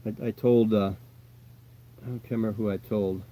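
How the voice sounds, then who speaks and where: American man, low mellow voice, casual rambling livestream host who reassures his chat and lets his sentences trail off. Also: steady tone, normal speed. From United States. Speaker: tarantula keeper answering live chat.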